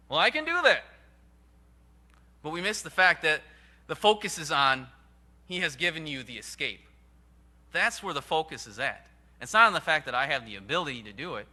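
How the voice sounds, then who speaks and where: Pastor, male, bright and fairly high voice; earnest emphatic delivery, swings loud to quiet. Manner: earnest, emphatic preaching with sudden rises and hushed drops. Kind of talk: sermon.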